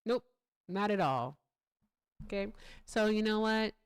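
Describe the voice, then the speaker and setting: A woman hosting a commentary stream, talking to her viewers in an animated, sarcastic way. Her voice is close and dry with no room sound, and her pitch sits in the middle. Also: unhurried, clean tone, no echo. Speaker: host. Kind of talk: political commentary livestream.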